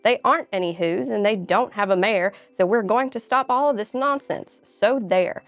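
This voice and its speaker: A woman's voice: mid-range voice, normal speed, no echo, lightly acted. A woman voicing rowdy, mocking male monkey brothers in a storybook reading. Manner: mocking, shouting.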